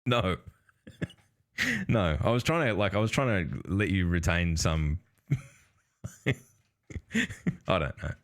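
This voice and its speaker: A man's voice: low-pitched, slow pace, pauses often. An Australian man hosting a podcast in casual chat, sweary and rambling, laughing often. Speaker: podcast host.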